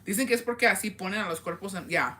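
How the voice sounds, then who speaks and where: A woman's voice: medium pitch, racing. A woman hosting a casual livestream chat, telling stories animatedly, swearing freely and laughing often. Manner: animated storytelling with lots of fillers. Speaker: livestream host. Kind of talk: casual livestream chat, reading viewer comments.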